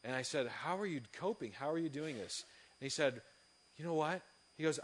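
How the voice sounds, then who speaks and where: A man's voice: a little high, lively intonation, fairly quick. A young man, a youth pastor, telling a story in an earnest, conversational sermon with many fillers and restarts. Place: church hall.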